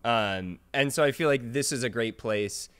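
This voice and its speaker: Bright-toned joking man. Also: mid-range voice, normal speed, clean tone. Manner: laughs often, jokey. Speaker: podcast co-host. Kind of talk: casual chat.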